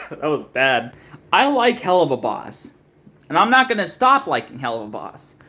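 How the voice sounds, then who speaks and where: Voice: mid-range voice, very animated, moderate pace, sharp tone. A young adult video essayist ranting in a frustrated, profane, rambling way, with many restarts. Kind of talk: ranting commentary.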